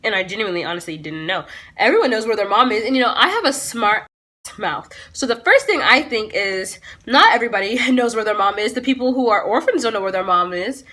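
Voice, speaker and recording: A teenage girl telling a storytime vlog, sassy and blunt, with frequent swearing and quick self-aware asides. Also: mid-range voice, lively intonation, bright, forceful tone. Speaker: vlogger.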